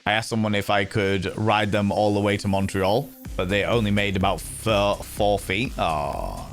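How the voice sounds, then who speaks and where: A man chats with his viewers on a live stream in a loose, teasing way, and his pitch swings up and down with plenty of life. Faint music plays softly behind him. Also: animated, normal speed. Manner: playful, teasing, greets viewers by name. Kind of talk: casual live-stream chat.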